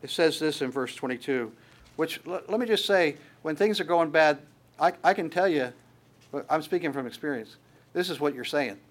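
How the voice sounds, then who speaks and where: A man's voice: fairly high pitch, normal speed. Earnest conversational male preacher, raised voice. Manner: conversational preaching, emphatic, frequent restarts. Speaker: pastor. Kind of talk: sermon.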